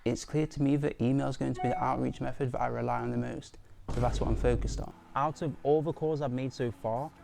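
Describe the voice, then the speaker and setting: A man's voice: mid-range voice, steady tone, brisk, gravelly, noisy background. A young man narrating a reflective vlog voice-over about building his business, earnest and self-critical. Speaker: aspiring marketing agency owner. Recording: music bed under voice.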